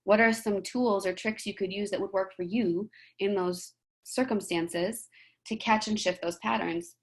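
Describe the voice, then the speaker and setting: A woman giving a motivational talk in a gentle, conversational way, often checking in with "right?". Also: mid-range voice, steady tone, unhurried. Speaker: presenter.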